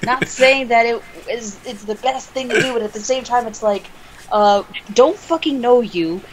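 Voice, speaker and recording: A woman's voice: on the high side, moderate pace, rough recording. A woman playing a tabletop game, chatting casually and swearing freely. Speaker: player.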